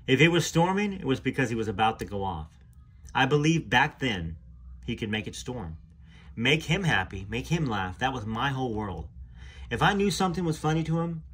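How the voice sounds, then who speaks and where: A man reading a memoir aloud in an earnest, emotional way, pausing now and then to add his own comments. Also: medium pitch, a bit bright, breathy edge. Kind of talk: reading aloud with spoken asides.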